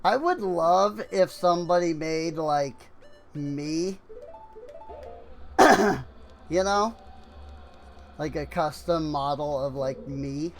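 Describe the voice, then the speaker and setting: A man's voice: a little high, takes it slowly, creaky, pauses often, soft background music, low-quality recording. A man giving casual commentary while streaming a game, rambling and filling his speech with "like.". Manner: rambling, heavy on "like" fillers.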